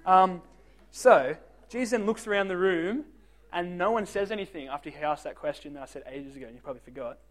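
A man's voice: sits high, fairly quick. A young man giving a casual youth group talk, joking and self-deprecating, asking the teens direct questions. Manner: talks straight to the teens with questions.

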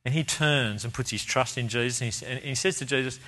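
A man's voice: medium pitch, a little fast, bright, forceful tone. A man preaching a sermon. He speaks earnestly and with emphasis, repeating key phrases for stress.

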